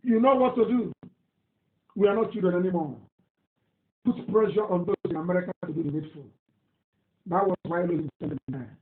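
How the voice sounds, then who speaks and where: A man's voice: high-pitched, normal speed, long pauses. A man with a Nigerian accent giving a live radio broadcast, reading listener messages in an emphatic, indignant, repetitive way. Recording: tinny phone-like audio, echoey room.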